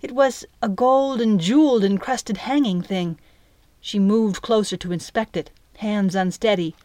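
A woman's voice: medium pitch, unhurried, darkish tone, no echo. Woman reading a story in a dry voice. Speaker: narrator. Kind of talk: scripted audiobook narration.

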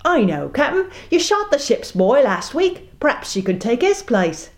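A woman's voice: high voice, very animated, normal speed, voice pushed up. A woman voicing a cringing, nervous male pirate first mate who stammers and pleads.

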